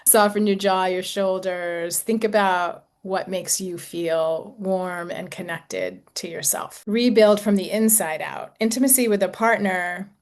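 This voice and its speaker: Gentle woman in her sixties, coaching. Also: fairly low pitch, fairly even intonation, unhurried, few pauses. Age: 60s. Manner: gentle, reflective, conversational with fillers. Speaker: intimacy coach. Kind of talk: talk to a group.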